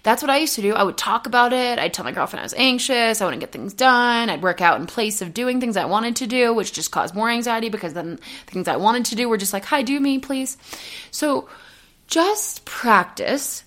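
A woman's voice: a little high, quick pace, hardly any pauses. Chatty young woman podcast host. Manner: chatty, animated, acts out her own inner voice. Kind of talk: casual self-help podcast monologue.

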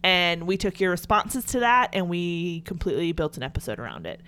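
A woman's voice: on the low side, big pitch swings, a little fast, fairly bright tone, slight background noise. A young adult woman with a Southern US accent, co-hosting a podcast, chatty and playful. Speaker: podcast co-host. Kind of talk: casual chat.

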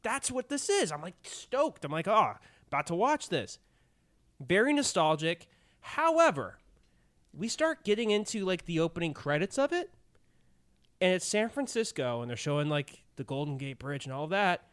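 A man co-hosting a casual movie podcast, giggly and animated, saying "like" constantly. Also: a little high, moderate pace. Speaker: podcast co-host.

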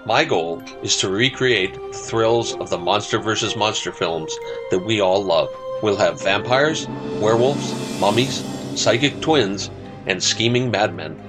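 A man's voice: lowish voice, measured pace, lightly acted. A man playing a sinister horror-host doctor. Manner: ominous, theatrical welcome. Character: sinister male doctor hosting a horror chamber. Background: music.

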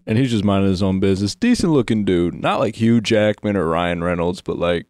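A man's voice: sits low, expressive, a little fast, darkish tone, no echo, studio quality. A man on a tabletop game podcast, telling a long crude joke in a loose, rambling way. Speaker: player. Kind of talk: casual podcast chat.

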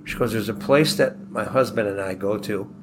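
A man from Buffalo telling a long personal anecdote in a relaxed, rambling way, acting out the quoted dialogue as he goes. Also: fairly low pitch, moderate pace, background noise. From Buffalo, New York. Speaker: guest telling a personal story.

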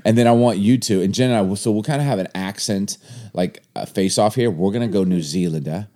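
A man's voice: on the low side, a little fast, mellow. A young American man hosting a casual chat show, rambling and teasing his guests, laughing often. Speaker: podcast host.

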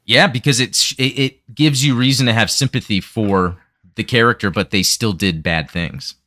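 A man hosting a live chat show, talking fast and rambling with lots of fillers and restarts. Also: fairly low pitch, bright, forceful tone, dry recording. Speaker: podcast host. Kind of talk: casual chat.

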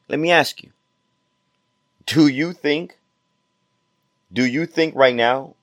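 Emphatic man with a lowish voice. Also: dry recording, studio quality. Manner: emphatic and repetitive, preaching with rhetorical questions. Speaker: podcast host and personal trainer. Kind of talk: motivational podcast monologue.

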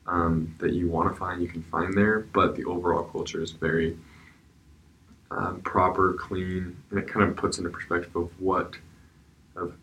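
A man student reflecting thoughtfully on a trip, pausing with ums. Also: deep voice, level tone, a bit bright, low-quality recording. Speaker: student traveler. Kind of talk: casual interview reflection.

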